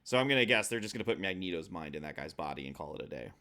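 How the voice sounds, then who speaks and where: A man's voice: low voice, animated, rapid-fire, sharp tone. A man co-hosting a casual comics podcast, chatting and guessing about stories. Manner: chatty, speculative. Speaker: podcast co-host. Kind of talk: casual chat.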